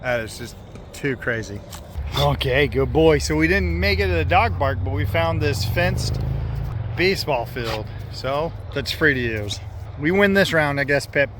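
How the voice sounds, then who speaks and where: A man's voice: fairly high pitch, animated, moderate pace, noisy background. A middle-aged father narrating a family vlog in a casual, joking way.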